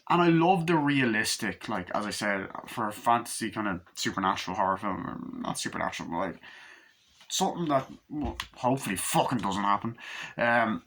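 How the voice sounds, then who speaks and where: A man talks through a film review in a bright, forceful voice. He is casual and animated and swears freely. He keeps slipping into put-on voices to act out scenes. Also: fairly low pitch, fairly quick, a little hiss or hum.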